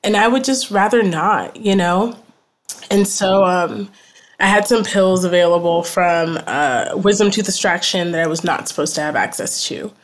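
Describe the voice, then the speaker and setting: A woman's voice: on the low side, normal speed. A woman in her thirties, a trauma counselor, telling her personal story as a podcast guest in a reflective, earnest way, often saying "you know" and "like".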